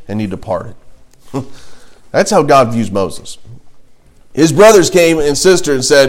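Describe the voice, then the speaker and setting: A man's voice: mid-range voice, lively intonation, measured pace, long pauses. Man teaching a casual Bible class. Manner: conversational, reads scripture aloud with asides and jokes.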